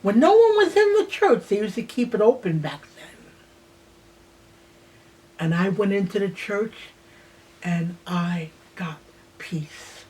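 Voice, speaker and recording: A woman in her sixties slowly telling a personal childhood memory in a reflective way, sometimes dropping to a near-whisper. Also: mid-range voice, wildly swooping pitch, darkish tone. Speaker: host. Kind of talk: personal storytelling.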